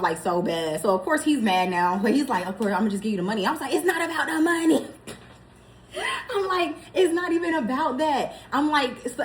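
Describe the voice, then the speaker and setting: High-voiced young woman doing a storytime vlog, super animated, laughs a lot. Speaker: vlogger. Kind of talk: casual storytime.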